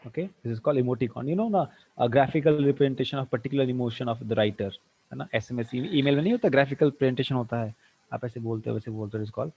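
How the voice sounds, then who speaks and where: A man teaching an online tutorial, firing quick questions at students and slipping into Hindi. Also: mid-range voice, husky. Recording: dull lo-fi dry sound.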